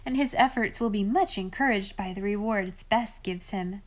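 A woman's voice: mid-range voice, normal speed, lightly acted. A woman doing a sly, kindly mother figure. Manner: gently teasing.

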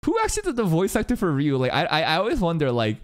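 A man's voice: fairly high pitch, wildly swooping pitch, quick pace. A man reacting live to an anime as a streamer, laughing often, teasing the characters and swearing freely. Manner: teasing, mock-outraged asides. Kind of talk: casual live reaction commentary.

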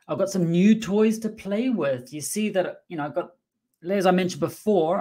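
A man's voice: high voice, darkish tone. A man hosting a casual livestream for a game studio, talking in a playful, joking and rambling way.

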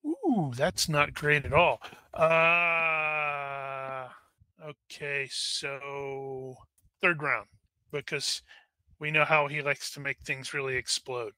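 A man's voice: fairly high pitch, slow, pushed and bright, clear, resonant tone, dry recording. A man running a tabletop game as game master, thinking aloud with wry asides.

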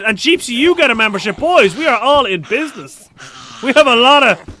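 A man live-streaming a survival game, talking fast and loose, swearing, joking and reading chat messages aloud with high energy. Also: sing-song, bright, forceful tone.

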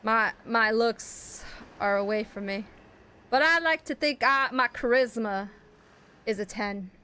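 A woman's voice: fairly high pitch, unhurried, pushed and bright, clear, resonant tone. A young woman gaming streamer giving casual let's play commentary, playful and self-mocking, with frequent exclamations.

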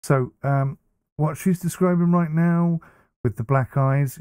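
A man's voice: a little high, unhurried, darkish tone, clear, resonant tone, dry recording, clean studio sound. A man hosting a reaction commentary, talking bluntly and casually with many fillers and restarts. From United Kingdom. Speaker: commentary host.

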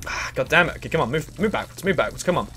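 Excitable man with a lively voice. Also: fairly high pitch, racing, faint music behind. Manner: excitable, crude, chats to game characters. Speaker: gaming channel host. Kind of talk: let's play commentary.

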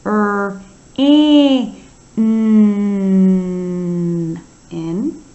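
Slow, patient woman teacher sounding out letters. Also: mid-range voice. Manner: patient and encouraging. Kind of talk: early-grade writing lesson. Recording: slightly dull, lo-fi sound.

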